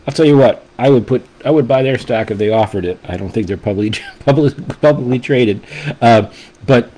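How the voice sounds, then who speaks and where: Low, mellow-voiced enthusiastic man. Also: slightly rough, low-quality recording. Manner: enthusiastic and rambling, with frequent restarts. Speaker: whisky reviewer and channel host. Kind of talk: casual tasting review.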